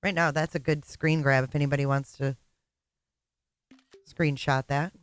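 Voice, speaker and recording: A woman's voice: low-pitched, fairly even intonation, normal speed, clean tone, no echo. A woman co-hosting a casual livestream, blunt and exasperated, swearing freely.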